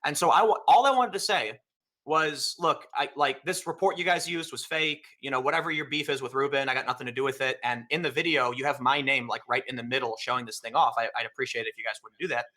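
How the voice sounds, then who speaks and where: A man telling an animated anecdote in casual conversation, acting out the exchanges he describes. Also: medium pitch, quick pace. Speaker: podcast guest. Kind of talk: casual storytelling chat.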